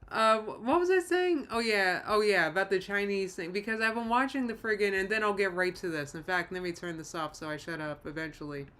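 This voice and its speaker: A woman hosts a casual live stream with a bright, forceful voice. She talks in a rambling way, cuts herself off and restarts, and laughs often while reading chat comments aloud. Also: medium pitch, fairly even intonation, fairly quick, few pauses, clear, resonant tone. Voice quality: rambling, self-interrupting. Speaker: livestream host.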